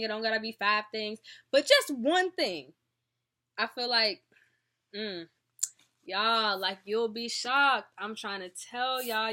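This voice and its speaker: A young woman speaks straight to her viewers in a chatty, earnest video diary, often calling them y'all. Her voice has a bright edge, yet she sounds tired and sleepy. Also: fairly high pitch. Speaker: vlogger.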